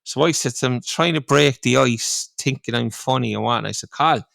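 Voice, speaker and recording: A man's voice: mid-range voice, a little fast, vocal fry, fairly bright tone, no room sound, clean studio sound. A man with a Cork Irish accent, a podcast host telling a long rambling story in casual chat, full of "like, you know". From Ireland.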